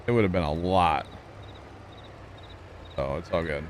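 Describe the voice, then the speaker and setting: During a live gameplay stream, a relaxed man chats comfortably with his audience and the other players. He speaks at a measured pace in a fairly low voice, over a faint background hiss.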